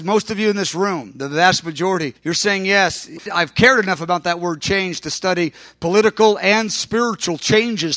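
Middle-aged male preacher, high bright voice, fervent delivery that surges loud. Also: no room sound, studio quality. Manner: fervent, builds to loud emphatic peaks. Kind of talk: sermon. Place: room with an audience.

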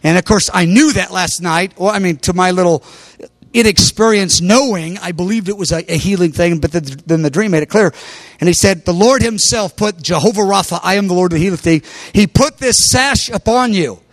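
A man's voice: sits high, fairly quick, no room sound. A man preaching, telling a story with animation and raising his voice when he quotes others. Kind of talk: sermon testimony.

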